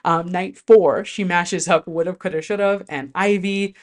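A host chatting casually to camera about pop music, talking in an animated way with lots of fillers and some swearing. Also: mid-range voice, a little slow.

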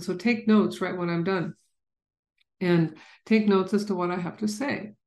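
A woman's voice: on the low side, a little mellow, echoey room. A woman earnestly telling a personal story in a candid, conversational way. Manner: earnest, candid, with frequent restarts. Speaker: speaker sharing a personal story.

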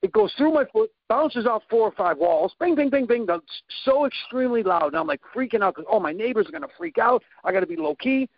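Animated man telling a wild story. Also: high-pitched, fast, hardly any pauses, dry recording, dull audio. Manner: animated, with sound effects and quoted dialogue. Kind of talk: casual storytelling.

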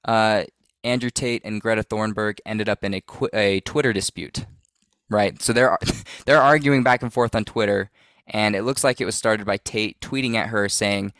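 A man's voice: lowish voice, steady tone, normal speed, a bit bright, smooth, dry recording. A man co-hosting a podcast in casual chat, joking and sarcastic as he leads the segments. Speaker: podcast co-host.

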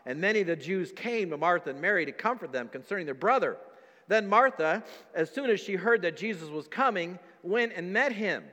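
In a large church hall, a male pastor preaches with a high, expressive voice that sounds pushed and bright, moving at a brisk pace. He reads archaic scripture aloud and dramatizes the doubting voices of people in the story.

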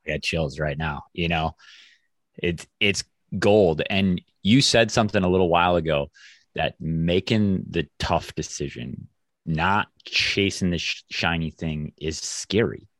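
A man's voice: low voice, unhurried, a bit bright, no echo, clean studio sound. A man hosting an interview, reflective and affirming as he responds to his guest. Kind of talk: conversational interview.

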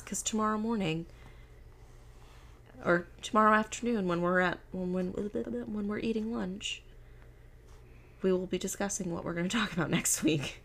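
A woman's voice: medium pitch, moderate pace, vocal fry. A young woman co-hosting a casual podcast, telling stories animatedly and acting out what others said. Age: young adult. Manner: animated storyteller, acts out quotes. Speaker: podcast co-host. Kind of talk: casual chat.

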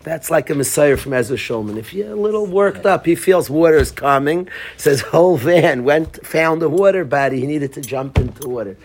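A man's voice: fairly high pitch, lively intonation, normal speed, few pauses, a little mellow, a little hiss or hum. A man teaching a Torah class, telling a story and quizzing his students by name.

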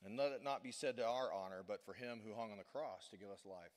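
A man preaching a sermon as pastor, emphatic and preacherly, swinging from loud rhetorical questions to hushed, earnest passages. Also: fairly low pitch, fast talker. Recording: long reverb of a church hall.

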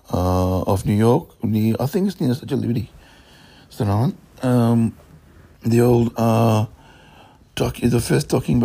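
A man in a profane, rambling monologue that jumps between topics and swings between loud outbursts and low mutters. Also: gravelly, husky.

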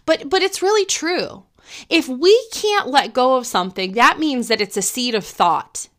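A middle-aged woman hosting a podcast, talking gently and earnestly in a reflective monologue, thinking aloud with frequent restarts. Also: sits high, animated, measured pace. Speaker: podcast host.

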